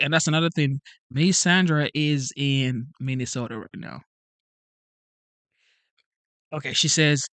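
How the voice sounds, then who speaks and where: A man hosting a live stream, talking in an animated, repetitive way, asking rhetorical questions and reading out chat messages. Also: a little high, dry recording. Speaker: channel host.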